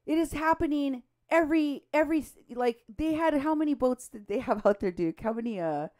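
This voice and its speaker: A woman co-hosting a political talk show, animated and indignant, her voice jumping up when she is outraged. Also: fairly high pitch, brisk. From Mexico. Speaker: co-host.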